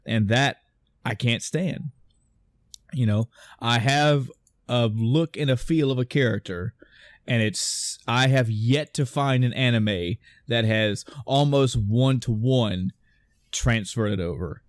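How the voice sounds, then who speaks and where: A man's voice: medium pitch, takes it slowly, no echo. Rambling casual man on a podcast. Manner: rambling, restarts often, acts out movie lines. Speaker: podcast host. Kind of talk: casual chat.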